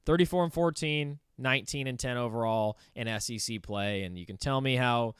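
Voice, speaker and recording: A man's voice: medium pitch, normal speed, fairly bright tone, clear, resonant tone, dry recording, clean studio sound. Opinionated young man riffing on sports. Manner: rambling, heavy use of "like", opinionated. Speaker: sports commentary host. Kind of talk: casual sports commentary monologue.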